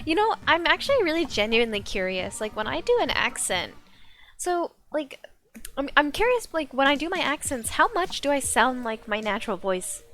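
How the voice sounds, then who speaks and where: A woman streamer chatting casually and excitably while she plays, swearing now and then. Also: a little high. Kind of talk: casual live gaming chat.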